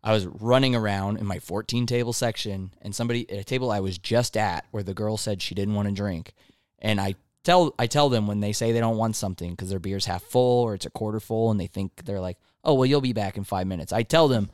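A man's voice: on the low side, fairly quick, clean tone, dry recording, studio quality. A young man, a restaurant server, co-hosting a casual chat and telling work stories animatedly, acting out customers. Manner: animated storytelling, acts out customers. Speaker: podcast co-host, restaurant server.

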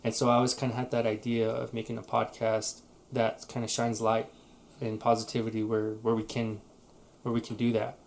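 A man co-hosting a relaxed podcast, telling a story in loose, rambling sentences that he often restarts. His voice sits at a middle pitch. A faint noise hums under the recording. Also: a little fast, gravelly. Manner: rambling, frequent restarts and fillers. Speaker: podcast co-host. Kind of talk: casual chat.

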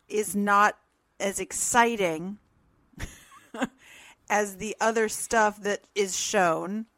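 A woman co-hosting a podcast who talks slowly and unhurriedly, rambling with fillers and restarts. Her voice sits mid-range and sounds dry and close, with little room around it. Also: mid-range voice, a bit bright, no echo. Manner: rambling, filler-heavy, frequent laughs. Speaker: podcast co-host. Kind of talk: casual discussion. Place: room at home with open windows.

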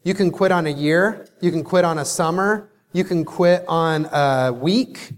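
Male keynote speaker, high-pitched and emphatic, motivational storytelling, reverberant hall sound. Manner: emphatic, storytelling with dramatic pauses.

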